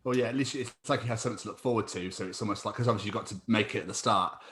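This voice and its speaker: A man's voice: fairly low pitch, rapid-fire, fairly bright tone, echoey room. A man hosting a podcast interview in casual chat, joking and laughing often. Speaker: podcast host.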